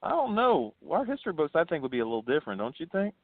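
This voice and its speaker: Animated guy guest telling spooky history stories, pitch all over the place, dry tinny phone sound. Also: fast talker, dry recording. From born New Hampshire, raised in Florida. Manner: animated storyteller, laughs often, swoops in pitch. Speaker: guest, paranormal investigator and ghost tour founder. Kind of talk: casual phone interview.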